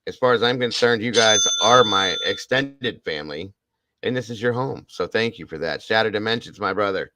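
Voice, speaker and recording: A man's voice: fairly low pitch, lively intonation, moderate pace, noisy background. A man hosting a livestream in casual chat, emotionally and effusively thanking his viewers and repeating his praise. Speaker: livestream host.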